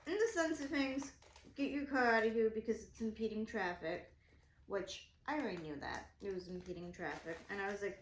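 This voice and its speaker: A woman chats through a story in a loose, rambling way, leaning on "like" and acting out what everyone said. Her voice sits a bit high. The room gives it a noticeable echo. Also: brisk. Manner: animated, rambling, heavy use of "like". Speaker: craft shop vlogger. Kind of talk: casual storytime chat.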